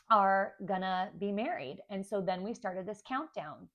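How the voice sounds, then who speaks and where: A woman's voice: medium pitch, expressive, measured pace, muffled recording. Young woman vlogger, candid and chatty, telling her family story to camera. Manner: candid, chatty, acts out kids' voices. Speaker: stepmom vlogger.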